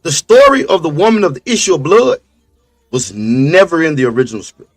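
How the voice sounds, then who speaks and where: High-pitched guy laying out religion talk, emphatic, repeats stuff, dry mic. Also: animated, brisk, dry recording. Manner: emphatic, preachy, repeats points. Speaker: podcast co-host. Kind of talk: casual religious discussion.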